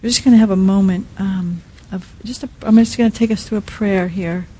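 Woman, sermon, husky, mellow, soft and halting delivery. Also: mid-range voice, rough recording. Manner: soft, halting, many restarts and fillers. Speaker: speaker at a Christian teaching.

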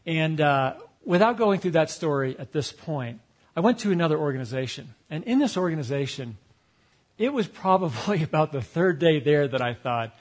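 A man tells a story about himself with a slightly raised, husky voice. He pokes fun at himself, laughs along the way and voices his own past thoughts. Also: on the high side, expressive, moderate pace. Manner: self-deprecating, humorous, laughs often. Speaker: speaker telling a personal story. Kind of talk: storytelling talk.

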